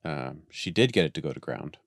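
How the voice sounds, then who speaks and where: Deep-voiced rambling man telling stories. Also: lively intonation, a little fast, dry recording, clean studio sound. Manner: rambling, restarts a lot, acts out voices in stories. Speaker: guest on a dog training podcast. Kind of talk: casual storytelling chat.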